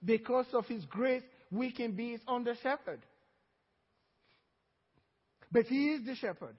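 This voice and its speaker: High-voiced preacher in a reverberant hall. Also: male voice, slightly rough, dull audio. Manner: preaching with call-and-response, drawn-out emphatic phrases. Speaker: pastor. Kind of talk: sermon. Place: church hall.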